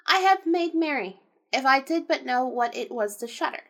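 A woman's voice: sits high, expressive, moderate pace, fairly bright tone, full character voice. A woman voicing a fearless, naive young man who cannot learn to shudder, sounding cheerful and unbothered. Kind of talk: storybook reading.

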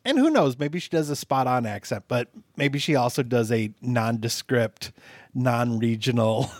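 Lively playful man in casual chat. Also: mid-range voice, moderate pace, dry recording. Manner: playful, laughs often, jokey mock-British voices. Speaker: podcast co-host. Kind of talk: casual movie review chat.

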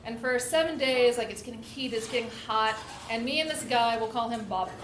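A woman's voice: a little high, fairly quick. A woman telling a candid comedic story in a casual way, giggling and saying "like" a lot. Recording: echoey room with background noise.

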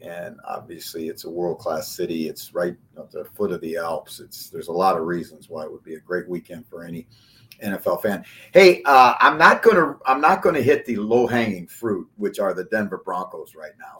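A male sports talk host with a bright, forceful tone and a fairly low pitch. He speaks casually and with enthusiasm, restarting phrases as he goes. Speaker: podcast host.

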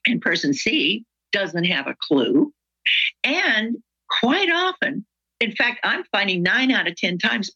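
A woman speaking as a guest on workplace conversations, telling stories and acting out dialogue with lively voice shifts. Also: lowish voice, dull audio. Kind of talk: animated storytelling interview.

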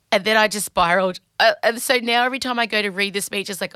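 A woman's voice: mid-range voice, fast talker, few pauses, fairly bright tone, clear, resonant tone, dry recording, clean studio sound. A middle-aged Australian woman hosting a podcast, chatting candidly and anxiously and swearing freely. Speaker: podcast host. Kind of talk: casual podcast monologue.

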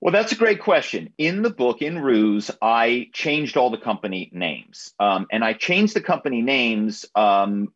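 A man talking as an author and guest in a radio interview, often halting and repeating words as he starts. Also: mid-range voice, very animated, a bit bright, lo-fi sound.

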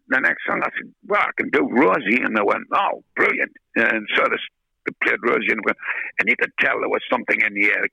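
An older man, telling a lively anecdote as an interview guest, swearing freely and acting out the voices in his story. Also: medium pitch, dry recording, low-quality recording. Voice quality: gravelly, husky. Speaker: guest, rock singer.

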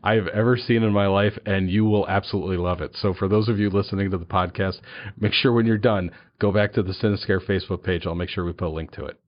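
A man co-hosting a casual podcast chat, talking eagerly and emphatically with quick wisecracks. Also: deep voice, fairly even intonation, dull audio. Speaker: podcast co-host.

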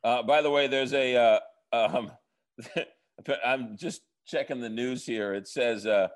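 A man's voice: mid-range voice, slow pace. A man co-hosting a podcast, telling earnest stories in casual chat and making fun of himself. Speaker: podcast co-host.

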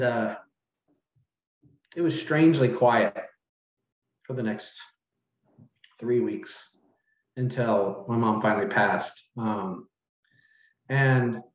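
Earnest, emotional middle-aged man. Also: medium pitch. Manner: earnest, halting, with many restarts and fillers. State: emotional, close to tears. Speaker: hotel manager, guest. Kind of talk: emotional storytelling in an interview. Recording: roomy, dull lo-fi sound.

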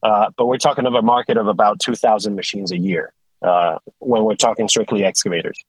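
A man with a lowish voice tells his story in a loose, animated way, often stopping and restarting mid-sentence. The sound is dry and close, with no room around it. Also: a little fast, breathy edge, dry recording, poor audio. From Sweden. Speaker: guest, tilt rotator company executive. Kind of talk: casual conversational storytelling.

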